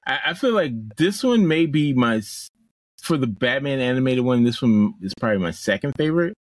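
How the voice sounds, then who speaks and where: A man's voice: medium pitch, lively intonation, fairly quick, no room sound, rough recording. A man co-hosting a podcast, retelling a film's plot in casual chat with restarts and playful asides. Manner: rambling plot recap with restarts and playful quoted voices. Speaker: podcast co-host. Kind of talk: casual chat recapping a film.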